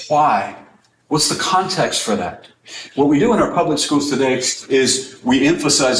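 A man's voice: fairly high pitch, roomy sound, poor audio. A man teaching in a sermon style, emphatic, asking rhetorical questions and repeating key phrases for weight.

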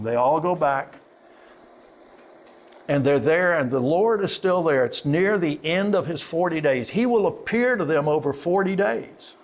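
A man, likely older, preaching a sermon in a storytelling way, with folksy asides and slow, emphatic quotes. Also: mid-range voice, gravelly. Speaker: pastor.

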